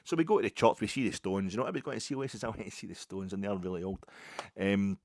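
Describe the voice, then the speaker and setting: Scottish man, podcast host, casual anecdote, self-mocking, sweary, deep voice, dry close sound. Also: rapid-fire, darkish tone, no room sound.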